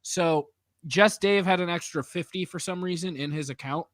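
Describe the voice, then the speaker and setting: A man's voice: high-pitched, normal speed, no echo. A man hosting a podcast in casual chat, telling a story with energy and acting out the people in it. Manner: animated storyteller, laughs often, acts out other people. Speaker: podcast host.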